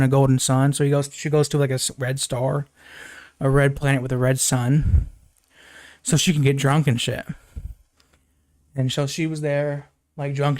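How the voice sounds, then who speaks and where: A young man recaps a film in a loose, rambling live review, leaning on "like" and "um" and swearing freely. His voice sits a little high, and it sounds close and dry with no room sound. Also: a little mellow, no room sound. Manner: rambling plot recap, lots of fillers and swearing. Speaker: movie reviewer. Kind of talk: casual live movie review.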